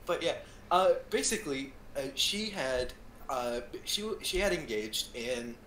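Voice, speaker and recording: A man's voice: mid-range voice, expressive, a little slow, crowd noise. A man co-hosting a casual podcast, giggling often and talking with many hesitant fillers. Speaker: co-host. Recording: echoey room, faint background noise.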